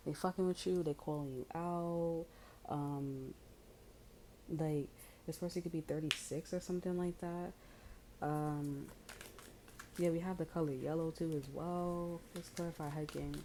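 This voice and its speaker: A woman with a low, mellow voice gives a loose, chatty tarot reading. She is blunt and swears freely, and her talk is full of fillers. A faint noise sits underneath. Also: fairly even intonation, measured pace, rough recording. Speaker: tarot reader.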